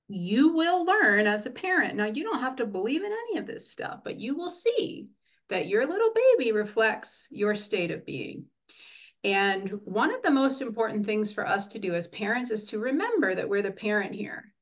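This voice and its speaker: A woman speaking as a nurse and lactation consultant in an interview, earnest and animated, acting out what parents say. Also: fairly high pitch, lo-fi sound. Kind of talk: conversational interview.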